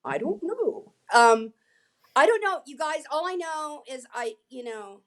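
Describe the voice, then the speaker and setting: An older woman telling a story as a guest in a casual interview, chatty and animated, acting out what people said. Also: high-pitched, measured pace. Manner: chatty, animated, acts out quotes. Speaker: guest, former featured extra.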